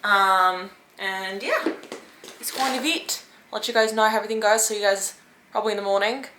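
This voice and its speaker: A young woman in her twenties chatting casually to camera in a vlog, quick and loose, swearing now and then. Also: medium pitch, sharp tone, reverberant. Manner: chatty, swearing, fast bursts of talk. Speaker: vlogger.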